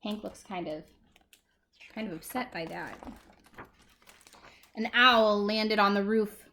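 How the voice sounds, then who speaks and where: A woman's voice: medium pitch, takes it slowly, pauses often. A woman librarian reading a picture book aloud to preschool children, asking them questions as she goes. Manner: animated, talks to small children.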